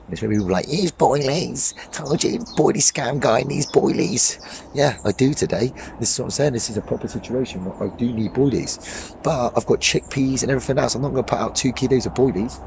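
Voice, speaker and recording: A man with a hoarse voice from a cold, chatting casually and cheerfully into a handheld camera beside a small overgrown lake. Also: medium pitch, quick pace, background noise. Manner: upbeat, rambling, laughs often. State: hoarse, losing his voice from a cold. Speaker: fishing vlogger.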